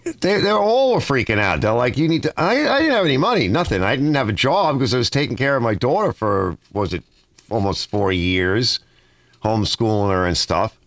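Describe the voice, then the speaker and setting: A man talking casually in his home garage, reading out viewer comments and wandering into long personal stories. His pitch rises and falls a lot, and the sound stays close and dry. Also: big pitch swings, moderate pace, a bit bright, no echo. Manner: rambling, personal storytelling full of restarts. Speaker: host of a garage channel.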